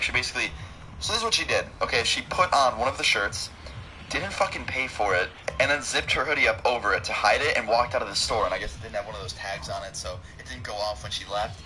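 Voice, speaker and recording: Young male vlogger, rapid profane storytelling, noisy recording. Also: mid-range voice, bright, forceful tone. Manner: profane, rambling, joking. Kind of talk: casual storytelling. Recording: clear background noise.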